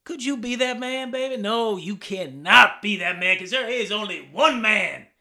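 A man's voice: high voice, lively intonation, normal speed, gravelly, pitched above the performer's own voice, exaggerated voice. A man putting on a boastful, swaggering male pro wrestler persona with a put-on Southern drawl. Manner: bragging, loud promo-style bluster.

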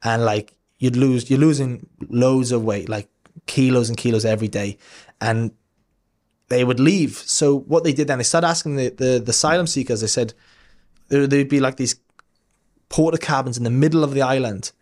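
A man's voice: mid-range voice, normal speed, darkish tone. A man in his thirties telling a personal story as a podcast guest, casual and earnest, rambling with frequent restarts and some swearing.

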